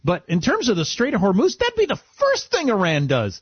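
A man co-hosting a radio talk show, wry and animated in casual conversation. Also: high voice, brisk, few pauses, breathy edge, dry recording, lo-fi sound. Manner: wry, animated, restarts a lot.

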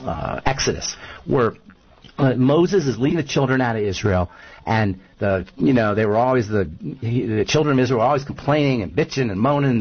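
Man, nutrition guest, emphatic, repeats himself, husky, lo-fi radio sound. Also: mid-range voice, animated, brisk. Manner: emphatic, repeats points, tells stories. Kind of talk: radio talk show discussion.

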